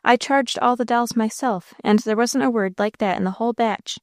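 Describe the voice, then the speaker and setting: A woman's voice: fairly high pitch, normal speed, no room sound, clean studio sound, close to an everyday voice. A woman reading aloud as a father who makes talking dolls, speaking in a brusque, folksy way. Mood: bewildered. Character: blustery doll-making father, impatient.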